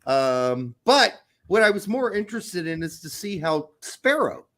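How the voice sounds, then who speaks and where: Lively high-voiced man, bantering co-host. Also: unhurried. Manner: joking, animated, bursts into silly voices. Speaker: podcast co-host. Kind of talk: casual banter.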